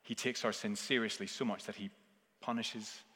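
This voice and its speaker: A man preaching a sermon earnestly, swinging between forceful emphasis and hushed, intense passages. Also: fairly low pitch, steady tone, normal speed. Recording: long reverb of a large hall.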